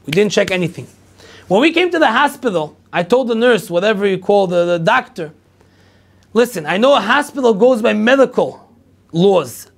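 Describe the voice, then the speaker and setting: A middle-aged rabbi tells a long personal story to an audience, lively and full of repetition. His voice sits high for a man and has a gravelly, creaky edge. He acts out everyone's lines as he goes. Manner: animated storyteller acting out dialogue, repetitive. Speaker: rabbi lecturer.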